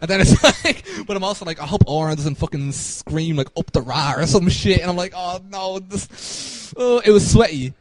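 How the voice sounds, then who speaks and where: A man's voice: fairly high pitch, lively intonation, a little fast, hardly any pauses, noisy background. A young man co-hosting a podcast, rambling and laughing through a casual story with lots of fillers. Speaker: podcast co-host.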